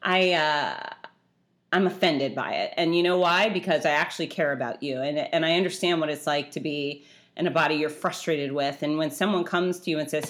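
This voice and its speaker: A woman's voice: low-pitched, normal speed. A middle-aged woman hosting her own podcast, talking chattily and bluntly, ranting with feeling. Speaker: podcast host. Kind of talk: casual solo podcast monologue.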